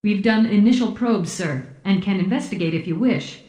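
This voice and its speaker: A man's voice: high voice, moderate pace, warm tone, close to an everyday voice. A woman reading an audiobook voices a formal, deferential male officer aboard a starship. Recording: roomy echo.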